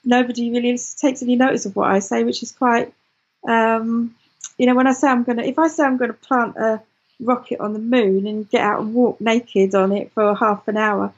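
A woman guest in an interview, telling her story in an animated way with many restarts. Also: a little high, normal speed, husky, highs cut off. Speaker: guest, client. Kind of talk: interview chat.

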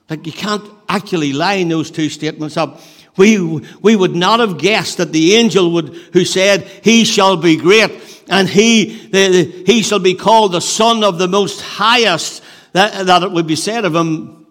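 A man preaching a sermon in an earnest way, building emphasis and then dropping to a hush, often restarting his phrases. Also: a little high, measured pace. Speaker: pastor. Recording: long hall reverb.

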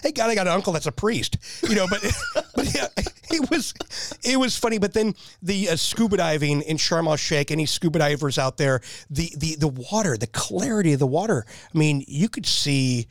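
A man with a slightly high voice rattles off animated anecdotes in an easy podcast chat, often laughing at his own jokes. The sound is close and dry, with no room in it. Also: moderate pace, no echo. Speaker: guest telling stories. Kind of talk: casual storytelling chat.

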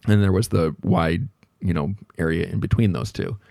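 A man with a very low voice tells a story from his own working life, looping back on himself and poking fun at himself. The sound is close and dry, with no room around it. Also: moderate pace, gravelly, darkish tone, dry recording. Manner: rambling, self-deprecating, reflective, many fillers. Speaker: podcast host telling a work story. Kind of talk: casual storytelling monologue.

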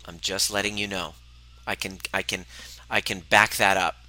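Blunt, bright-voiced male relationship coach. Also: sits low, fairly even intonation, normal speed, poor audio. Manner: emphatic and blunt, swears freely; repeats phrases for emphasis. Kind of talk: motivational talk to a live group.

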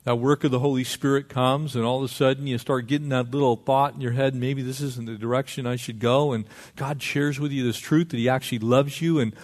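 A middle-aged man preaching a sermon, lively and conversational, acting out little dialogues. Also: medium pitch, brisk, few pauses. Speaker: pastor.

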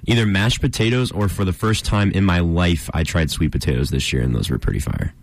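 A man's voice: low voice, a little fast, vocal fry. A young man co-hosting a radio sports show, trading dry teasing jabs. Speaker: co-host. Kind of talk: casual sports chat.

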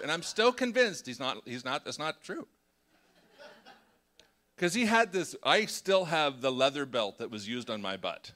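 A middle-aged man preaching a sermon, animated and acting out the voices of the people in his story. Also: mid-range voice, moderate pace. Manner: animated, acts out voices of God and Gideon. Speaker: pastor.

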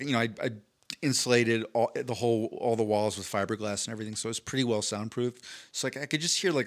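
A man's voice: medium pitch, fairly bright tone. A young man tells a story on a casual podcast, candid and freely profane. He makes fun of himself as he goes along. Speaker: podcast co-host.

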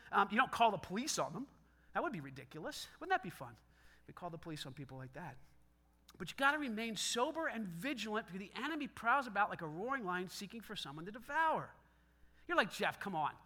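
A middle-aged male pastor preaching a sermon, telling stories and acting out quoted voices. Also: sits high. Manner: animated storytelling with quoted voices.

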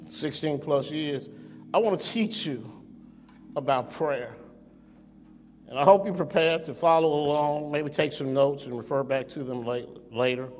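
A male pastor delivers a sermon to an online congregation in a church sanctuary, speaking conversationally and asking frequent rhetorical questions. His voice is fairly high, and a faint hiss or hum sits under it. The sanctuary gives the recording a long reverb.

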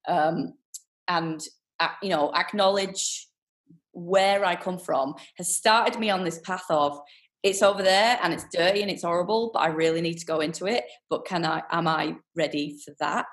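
A woman's voice: lowish voice, normal speed. A woman in casual chat, talking earnestly and rambling, with free swearing.

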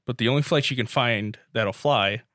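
Chatting casually with friends, a young man tells long, rambling jokes and swears freely. His mid-range voice is fairly bright at normal speed, recorded as clean studio sound with no echo.

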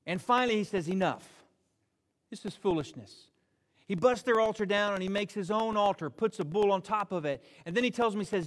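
Guy preaching, high voice, jokey storytelling, echoey church hall. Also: normal speed. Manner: animated storytelling with jokes and retold dialogue. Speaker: pastor. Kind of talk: sermon. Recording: long hall reverb.

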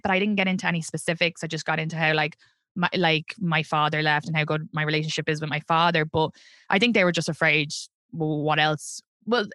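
A woman in her thirties with an Irish accent, talking frankly about her own life in an interview. Her voice sits a little low but sounds bright and sharp. She swears freely and animates her stories, recorded dry and close. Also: no room sound. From Ireland. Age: 30s. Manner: blunt and profane, animated storytelling. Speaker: comedian guest. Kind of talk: candid interview conversation.

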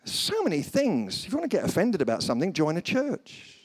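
A man delivers a guest sermon to a church congregation, his fairly high voice swinging up and down as he tells stories. He leans into comic asides and briefly puts on funny voices before returning to his point. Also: fairly quick, husky. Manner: animated storytelling, slips into comic voices. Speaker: guest preacher. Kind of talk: humorous sermon.

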